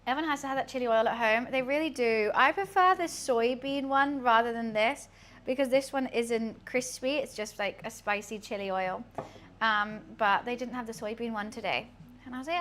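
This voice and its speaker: A woman's voice: a little high, normal speed, a bit bright, a little hiss or hum. A young woman chatting casually on a cooking live stream, rambling through asides in her home kitchen.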